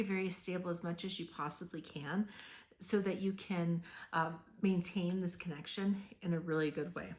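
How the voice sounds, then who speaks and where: Low-voiced woman giving a casual tarot reading. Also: darkish tone. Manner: chatty and meandering, with frequent "um" and "like"; earnest and reassuring. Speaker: tarot reader.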